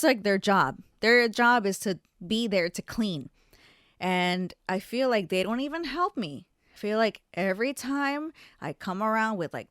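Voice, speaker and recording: Young woman ranting on her podcast, lots of swearing, jumps loud and high, dry close sound. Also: dry recording. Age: young adult. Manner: profane, animated storytelling with sudden loud outbursts. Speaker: podcast host. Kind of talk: casual storytelling monologue.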